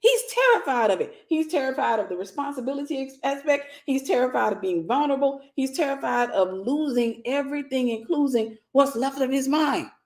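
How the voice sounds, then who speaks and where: A woman minister teaching in a lively sermon style. Her voice sits a little high, and she acts out scenes and addresses her listeners head-on. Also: brisk, hardly any pauses. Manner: dramatic, acts out scenes and speaks straight to listeners. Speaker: minister and mentor.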